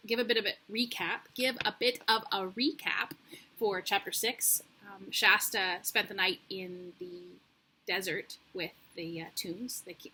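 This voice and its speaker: A young adult woman reading a chapter book aloud in a relaxed, casual way, with slips and self-corrections. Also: mid-range voice, a little hiss or hum. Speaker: reader. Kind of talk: casual read-aloud for children.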